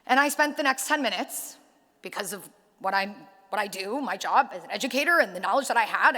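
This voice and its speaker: A woman addresses a rally in a large hall, her voice bright and forceful with a fairly high pitch. She tells personal stories and acts out the dialogue with lively energy, and long reverb trails behind each phrase. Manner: animated storyteller acting out dialogue. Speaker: rally speaker. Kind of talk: public speech with storytelling.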